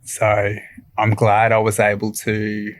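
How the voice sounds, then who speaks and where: An Australian man guesting on a podcast, telling stories casually with lots of fillers and pauses. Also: on the low side, completely flat delivery. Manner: rambling, lots of fillers, soft-spoken reflection. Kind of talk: casual conversational storytelling.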